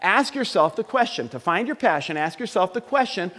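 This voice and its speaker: A man's voice: high voice, lively intonation, fairly quick, fairly bright tone. A middle-aged man preaching a sermon in a church, talking conversationally and joking with the congregation. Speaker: pastor. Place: church sanctuary. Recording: long hall reverb.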